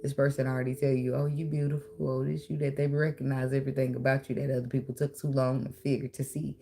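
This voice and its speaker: Lady with a low voice, chatty tarot reading, clicky shuffling noise behind. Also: fast talker, gravelly. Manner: animated, talks to viewer, bursts into song and laughter. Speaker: tarot reader.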